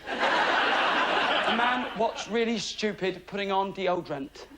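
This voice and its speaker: A middle-aged man from England doing a stand-up comedy routine, chatty and self-mocking, with deadpan asides to the crowd. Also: high-pitched, slow pace. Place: TV studio before a live audience. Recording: loud studio audience laughter and noise.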